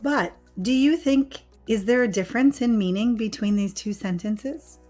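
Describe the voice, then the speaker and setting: A woman English teacher giving a scripted grammar lesson, explaining patiently and clearly and stressing the key words. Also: a little high, normal speed, dark tone, faint music behind.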